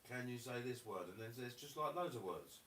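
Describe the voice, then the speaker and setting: Off-camera woman, very deep and lively voice, dry offhand remarks, heard from across an echoey room. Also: a little fast. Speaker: off-camera companion. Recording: roomy, distant, faint hiss.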